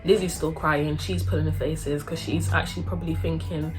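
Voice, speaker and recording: A young woman tells a story in a casual, slangy way. Her voice sits lowish, and she acts out everyone she talks about. Faint music plays underneath. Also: fairly even intonation, brisk, a little mellow.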